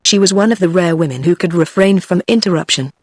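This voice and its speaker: A text-to-speech woman's voice with a British English accent, reading a novel aloud in even, machine-paced narration. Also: lowish voice, fast talker, breathy edge, dry recording, studio quality. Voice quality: even, machine-read delivery. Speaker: audiobook narrator. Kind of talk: synthetic audiobook narration.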